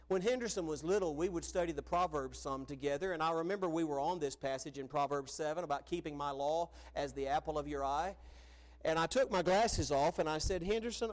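A middle-aged man preaching a sermon, telling stories earnestly and dropping soft on key phrases. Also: high voice.

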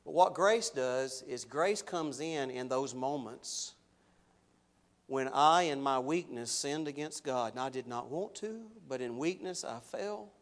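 A man preaching a sermon, animated, rising loud when voicing objections and dropping low and slow for solemn points.

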